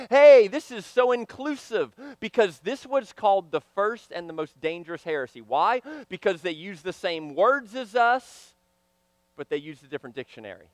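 A man preaching a sermon, swinging from loud emphatic lines to hushed, quiet ones. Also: high-pitched, no room sound.

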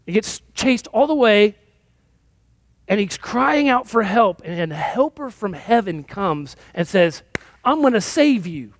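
A man's voice: high-pitched, lively intonation, slow pace, no echo. A male pastor giving a sermon in a conversational, self-deprecating storytelling manner.

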